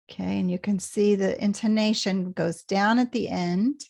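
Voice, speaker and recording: A woman teaching English pronunciation in a patient lesson, repeating phrases slowly so learners can follow. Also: medium pitch, steady tone, creaky, darkish tone, dry recording, clean studio sound. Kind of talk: slow explanatory lesson.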